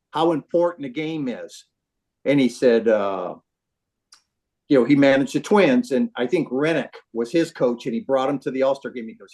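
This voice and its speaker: An older man, a former baseball trainer, telling a story in casual talk over a phone call, acting out what people said and swearing freely. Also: mid-range voice. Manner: animated, swearing, acts out quotes.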